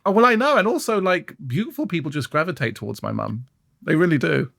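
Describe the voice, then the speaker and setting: A young man chatting on a comedy podcast with a lively, swooping delivery and a bright, forceful tone. He slips into voices of his mum as he tells stories. The sound is dry and close. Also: fairly high pitch, quick pace, gravelly, no echo. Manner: animated, acts out his mum's voice. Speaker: podcast co-host. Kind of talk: casual comedic chat.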